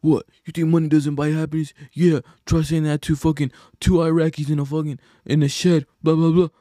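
A man's voice: on the high side, flat delivery, a little fast, mellow, no room sound, clean studio sound, voice pushed up, natural voice. A man mocking a smug rich guy. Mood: scoffing. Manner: condescending, scoffing. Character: smug wealthy man lecturing others.

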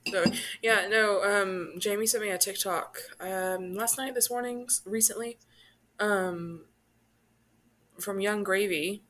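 A woman co-hosting a podcast chats casually. She talks haltingly, padding her sentences with "um" and "like". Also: medium pitch, steady tone, fairly bright tone, slight background noise. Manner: hesitant, full of "um" and "like". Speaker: podcast co-host. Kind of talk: casual chat.

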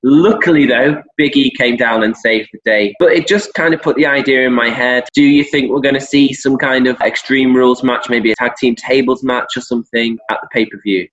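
A man's voice: mid-range voice, steady tone, brisk, few pauses, fairly bright tone. A man co-hosting a wrestling podcast, chatting casually and animatedly retelling the show with frequent laughs. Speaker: podcast co-host. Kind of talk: casual wrestling recap chat. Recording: dull lo-fi audio.

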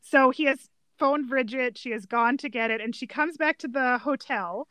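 A woman's voice: high voice, normal speed, bright, forceful tone, dry recording. A woman co-hosting a podcast, chatting casually about a film, laughing often and acting out lines she quotes. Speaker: podcast co-host.

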